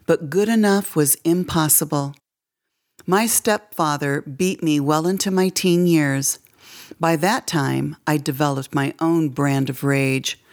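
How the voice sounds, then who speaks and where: A woman reading her own short story aloud in a measured, expressive way. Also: deep voice. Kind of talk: audiobook-style story reading.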